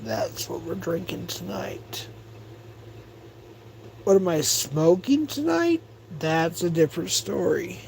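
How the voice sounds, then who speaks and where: Slow-talking rambling male streamer. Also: high voice, lively intonation, vocal fry, darkish tone, slight background noise, rough recording. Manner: rambling, profane, gossipy. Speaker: livestream host. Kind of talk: casual livestream chat, reading chat aloud.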